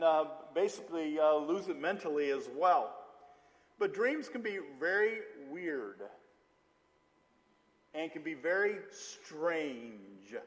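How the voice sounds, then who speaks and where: A middle-aged man preaching a sermon, telling stories with lots of filler "uh"s and an animated delivery. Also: a little high. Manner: storytelling, animated, with frequent "uh" fillers. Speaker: pastor. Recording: long hall reverb.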